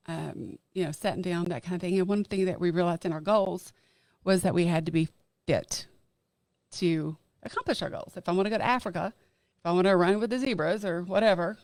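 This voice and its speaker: Earnest middle-aged woman, low dry voice. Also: a little mellow, no echo. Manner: earnest and emphatic, slowing down on key phrases. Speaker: podcast guest. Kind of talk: casual chat.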